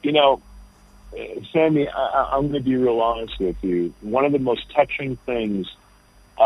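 A man's voice: mid-range voice, husky, no room sound. A man, a comedian guest, telling rambling stories over the phone from an airport. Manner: rambling, full of restarts and storytelling. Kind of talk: phone interview chat. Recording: dull, dry phone line.

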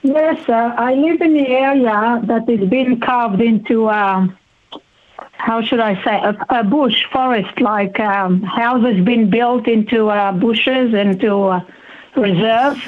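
A woman speaking as a guest in a phone-in radio interview, halting and heartfelt, with many pauses. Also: on the high side. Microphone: telephone. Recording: tinny phone line.

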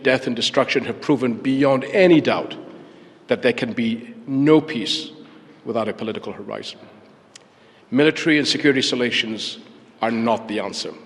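A male official giving a formal, deliberate speech. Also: medium pitch, fairly bright tone. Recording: long hall reverb.

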